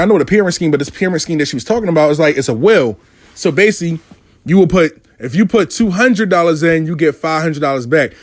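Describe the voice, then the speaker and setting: A man's voice: on the high side, fast talker, no echo. A man telling a casual, profanity-laced story about his money coaching clients. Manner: animated, profane street talk.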